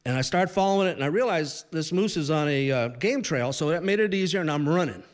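A man in his sixties telling a humorous story live to an audience, conversational with pauses and restarts. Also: on the high side, expressive.

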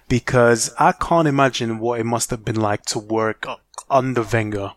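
A man's voice: medium pitch, normal speed, no room sound. A man co-hosting a casual football podcast, heated and opinionated, with lots of fillers and restarts. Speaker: podcast co-host.

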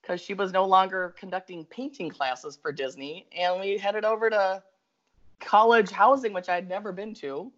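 A Minnesotan woman telling a long story in an easygoing, animated way, laughing as she goes and talking in eager bursts. The audio is a little dull and lo-fi. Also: mid-range voice, normal speed. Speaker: guest storyteller. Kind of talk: casual storytelling chat.

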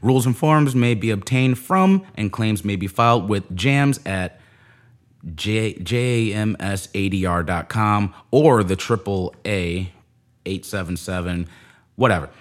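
Man, low voice, casual profane rant, sarcastic storyteller. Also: animated, a little slow. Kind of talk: casual ranting monologue.

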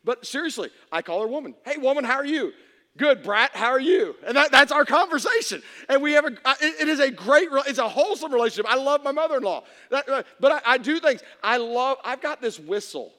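A high-pitched man with a bright, sharp tone preaches to a congregation in a reverberant hall. He tells funny stories with big swings, dropping to a hush and then rising to shouts. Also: quick pace, few pauses. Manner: animated, swings between hushed and shouting. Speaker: pastor. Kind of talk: humorous sermon storytelling. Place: church hall before an audience.

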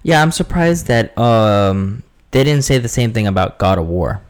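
A man's voice: medium pitch, expressive, normal speed. A man co-hosting a podcast, chatting casually and often backing up his partner. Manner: backchannels a lot, laid-back. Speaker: podcast co-host.

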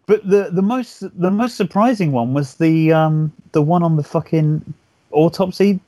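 A man's voice: on the high side, unhurried, mellow, no echo. A man chatting casually about horror film effects on a podcast, enthusiastic and rambling, swearing often as he restarts his sentences. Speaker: podcast co-host. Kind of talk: casual film review chat.

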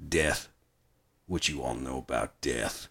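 A man putting on the voice of a bitter, world-weary male army sergeant in a low muttered drawl. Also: slow, a bit bright, exaggerated voice. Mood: grim.

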